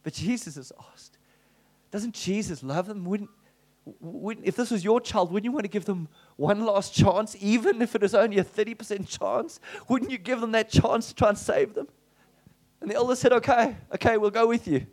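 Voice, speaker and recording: A male pastor telling a story in a sermon, animated and acting out the dialogue. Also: high voice, moderate pace.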